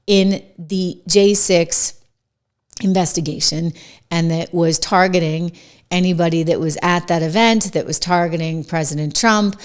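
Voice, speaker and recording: A middle-aged woman host with a New Hampshire accent, giving emphatic, conversational political commentary to camera with quick asides. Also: on the low side.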